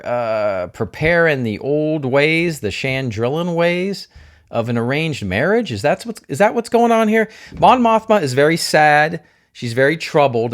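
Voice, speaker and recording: A man giving a casual spoiler review of a TV episode. He thinks aloud, keeps asking himself questions, throws in jokey asides and gushes openly about the scenes he loves. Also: on the high side. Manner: openly emotional, gushing. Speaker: TV show reviewer.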